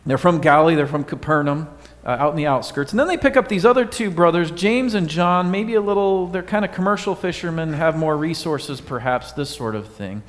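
A male pastor giving a conversational sermon, quizzing his congregation with a light, joking manner. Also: on the high side. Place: church sanctuary. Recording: long hall reverb.

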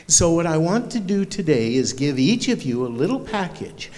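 A male pastor giving a children's sermon in a church, warm and playful, quizzing the kids with questions. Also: a little high, very animated, normal speed, hardly any pauses. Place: church sanctuary. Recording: long hall reverb in a church.

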